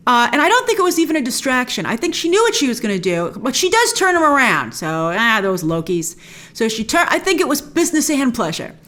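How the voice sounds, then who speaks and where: A woman's voice: high-pitched, big pitch swings, fairly quick, a bit bright. A woman hosting a TV episode recap, talking with gushing enthusiasm and retelling scenes in a chatty, casual way. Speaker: host.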